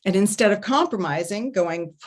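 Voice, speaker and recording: Expressive woman coaching on intimacy. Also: medium pitch, normal speed. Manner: expressive, demonstrates sounds with hums and murmurs; animated storytelling, laughs often. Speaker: intimacy coach and festival presenter. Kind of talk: online workshop talk. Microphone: home setup, online stream.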